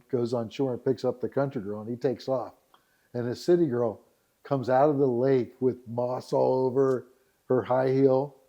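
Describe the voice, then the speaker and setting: Animated middle-aged man telling stories. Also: mid-range voice. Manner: animated storyteller, acts out scenes. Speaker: dating site founder, guest. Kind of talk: storytelling in a podcast interview.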